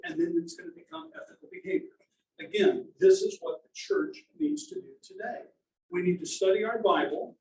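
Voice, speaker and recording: A man's voice: extremely high pitch, vocal fry, mellow, echoey room, far from the mic, slight background noise, poor audio. A man teaching a Bible lesson in a conversational sermon style, sometimes acting out quoted voices.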